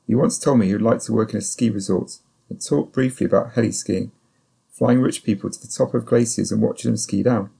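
A man narrating a first-person novel as an audiobook, in a measured, sombre storytelling voice. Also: lowish voice, vocal fry, dark tone, husky.

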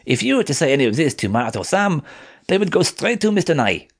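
A man's voice: fairly high pitch, very animated, fast talker, pitched above the performer's own voice. A man voicing a guarded young French woman trained as an assassin, curt and snappish.

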